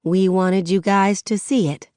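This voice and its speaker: A woman voicing a firm, wry middle-aged mother who speaks in a calm, pointed way in an audiobook. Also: medium pitch, unhurried, dry recording, studio quality, close to an everyday voice.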